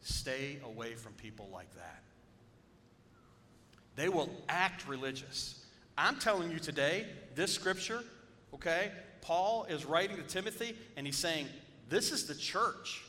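Male pastor, chatty joking sermon delivery, bright forward voice, reverberant church hall. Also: big pitch swings, normal speed. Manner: conversational, joking, calls on the congregation. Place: church sanctuary. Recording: reverberant hall with faint rumble.

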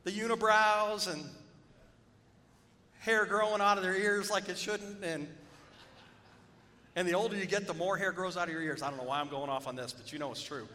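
Male pastor, chatty joking sermon delivery, bright forward voice, reverberant church hall. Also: fairly even intonation, normal speed, pauses often. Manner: conversational, joking, calls on the congregation. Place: church sanctuary. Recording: reverberant hall with faint rumble.

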